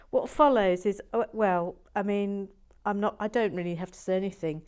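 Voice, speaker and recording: A British woman chatting playfully in a soft, often half-whispered voice as she builds in a chilly garden shed. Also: mid-range voice, normal speed, slight background noise. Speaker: video host building toy bricks. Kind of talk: relaxed build-along chat.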